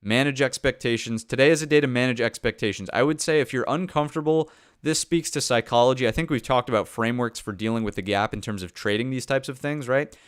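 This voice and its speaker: A man's voice: medium pitch, quick pace, clean tone, no echo, clean studio sound. A man hosting a live pre-market trading stream, talking through charts in a conversational way and often checking in with "right?". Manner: conversational, thinks aloud with fillers and "right?". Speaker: market analyst host.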